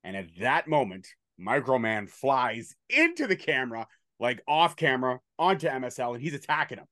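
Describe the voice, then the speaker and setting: A man's voice: medium pitch, very animated, moderate pace, sharp tone, no echo, clean studio sound. A man hosting a casual chat, recapping events in a bantering, profane play-by-play way. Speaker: podcast host recapping wrestling.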